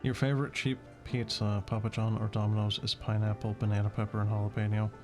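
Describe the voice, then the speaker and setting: A man's voice: on the low side, flat delivery, fast talker, over music. Profane, rambling male streamer. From Washington state. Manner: profane, rambling, repeats words. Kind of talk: casual gameplay stream chat.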